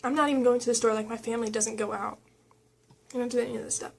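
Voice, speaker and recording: A woman's voice: on the high side, steady tone, racing, creaky, breathy edge. A young adult woman vlogger chatting casually, retelling a personal story in a rambling way full of fillers and quoted dialogue.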